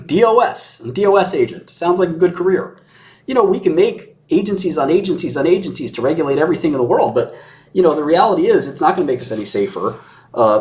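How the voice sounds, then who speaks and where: A man's voice: fairly high pitch, darkish tone. A man in a casual conversation who talks in an opinionated and sarcastic way, chuckling mid-sentence and mimicking others in mocking voices.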